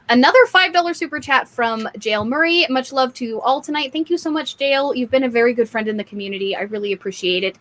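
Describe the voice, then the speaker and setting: A woman's voice: high voice, fairly bright tone. A woman hosting a casual livestream hangout, chatting with guests and reading out super chats, laughing often. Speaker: host.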